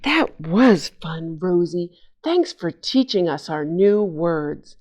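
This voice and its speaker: A woman's voice: fairly low pitch, slow. Woman voicing an eager young boy puppet. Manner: excited, gasping with wonder. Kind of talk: children's puppet lesson.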